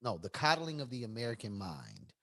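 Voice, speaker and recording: Animated, profane Chicago man. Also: mid-range voice, brisk, gravelly. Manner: animated, profane, rising to near-shouts when riled up. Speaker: podcast co-host. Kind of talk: casual chat.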